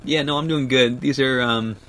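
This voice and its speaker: A man in his thirties hosting a livestream, reading viewer comments aloud and talking through them, choked up and laughing through tears, with halting restarts. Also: medium pitch, steady tone, fairly bright tone. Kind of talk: emotional casual livestream chat.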